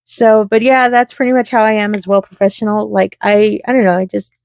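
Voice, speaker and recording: A woman's voice: medium pitch, little pitch movement, brisk, vocal fry, darkish tone, dry recording. A woman hosting her craft channel, chatting casually and giggling to viewers while she sorts beads.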